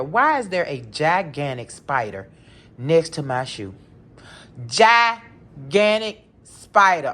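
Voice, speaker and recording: Low-voiced woman telling a story. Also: slight background noise. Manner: animated, swings from low mutters to high panicked outbursts. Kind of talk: casual storytelling to viewers. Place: home indoors.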